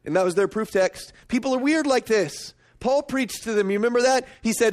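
A middle-aged man preaching a sermon, emphatic and storytelling, swinging up to excited peaks. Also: a little fast, hardly any pauses. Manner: storytelling, emphatic, rising to high excited pitch. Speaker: pastor.

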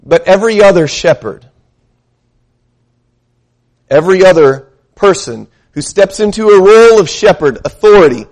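His voice sits high, animated and a touch mellow, as this male pastor delivers an emphatic sermon. Along the way he questions the congregation and reads passages of scripture slowly.

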